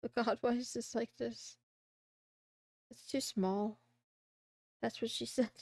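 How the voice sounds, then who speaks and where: A woman's voice: fairly high pitch, fairly even intonation, takes it slowly, vocal fry, darkish tone, no echo, clean studio sound. A woman streamer chatting casually while she draws a comic, rambling, giggling and joking with herself.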